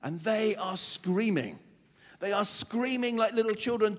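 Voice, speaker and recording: Male preacher, animated storyteller, muffled recording with long hall reverb. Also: high voice, unhurried. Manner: animated storyteller, dramatizes quotes loudly. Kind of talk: sermon.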